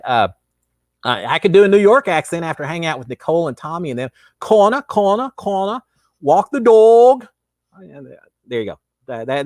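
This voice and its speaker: A man's voice: fairly high pitch, no echo, studio quality. A middle-aged man with a Texan accent, hosting a casual live chat and answering viewer questions in a rambling way. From Texas. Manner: rambling, many restarts and fillers. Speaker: host.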